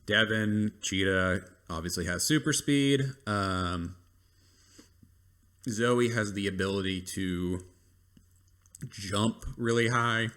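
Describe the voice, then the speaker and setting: Guy with a deep low voice ranting casually about a show, rambly, lots of ums. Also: takes it slowly, pauses often, a bit bright. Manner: rambling, lots of ums and likes, dry complaints. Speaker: reviewer. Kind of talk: casual review rant.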